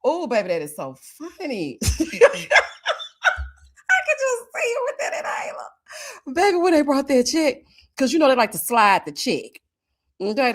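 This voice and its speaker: Animated chatty woman hosting a live stream. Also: on the high side. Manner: animated, laughs often, drawn-out murmurs of agreement; chatty, talks straight to viewers. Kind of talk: casual live-stream commentary reading chat comments.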